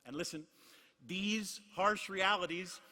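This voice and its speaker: A middle-aged man preaching a sermon in a large conference hall, emphatic and repetitive, swinging from hushed lines to shouts. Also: sits high, slow pace. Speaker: pastor. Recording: long hall reverb.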